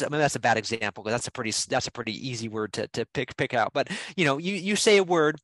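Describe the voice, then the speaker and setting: A man as guest expert, explaining software in a friendly, casual way with frequent restarts. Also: mid-range voice, sing-song, brisk, few pauses, no room sound, poor audio. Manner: friendly, repeats himself, restarts often.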